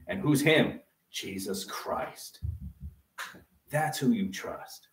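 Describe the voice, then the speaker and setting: A man's voice: mid-range voice, lively intonation, takes it slowly. Man, pastor, conversational sermon, acts out quotes, echoey church, mic at a distance.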